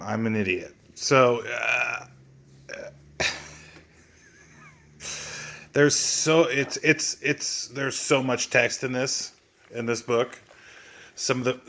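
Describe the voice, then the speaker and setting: A man's voice: mid-range voice, vocal fry, a bit bright. A man reviewing a comic book in a mocking, sneering way, swearing often and restarting his sentences.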